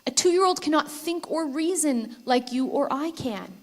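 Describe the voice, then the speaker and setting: A woman giving a conference keynote speech, telling stories in a lively way and putting questions to the audience. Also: sits high, measured pace. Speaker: keynote speaker. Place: conference stage before a live audience.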